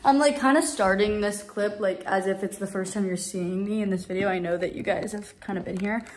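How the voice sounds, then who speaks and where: A woman's voice: medium pitch, fairly quick. A young woman chatting casually to her vlog viewers from her apartment, rambling with lots of "like". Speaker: vlogger. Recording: roomy echo.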